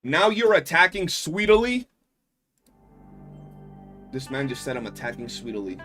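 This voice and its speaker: A man streaming live, telling stories in a casual, animated and profane way. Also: a little high, a little slow, faint music behind. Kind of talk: casual livestream chat.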